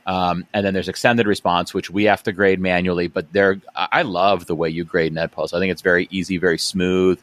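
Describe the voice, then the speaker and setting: Deep-voiced guy hosting a podcast, chatty, lots of ums and restarts, dry sound. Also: level tone, a little fast, hardly any pauses, a bit bright, no echo. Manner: chatty, many fillers and restarts. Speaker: podcast host. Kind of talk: casual conversational interview.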